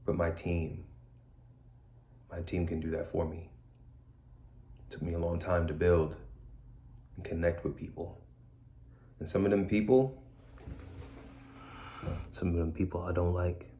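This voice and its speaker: A man's voice: low voice, little pitch movement, a little slow, long pauses, dark tone. A man speaking bluntly and candidly in a streetwise way, repeating key phrases. He is indoors in a room of a borrowed house. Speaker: speaker sharing his story. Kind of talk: candid personal talk.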